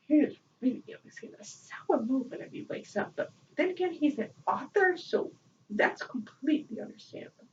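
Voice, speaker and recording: A woman chatting casually as a vlogger, excitable and rambling, often breaking into laughter. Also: sits high, brisk. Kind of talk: casual chat. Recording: distant, dull lo-fi mic with faint noise.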